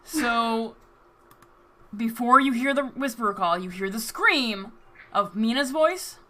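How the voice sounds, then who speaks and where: A woman's voice: a little high, expressive, slow pace, sharp tone, slight background noise. A woman acting as game master, narrating a tabletop role-playing game and asking players what they do.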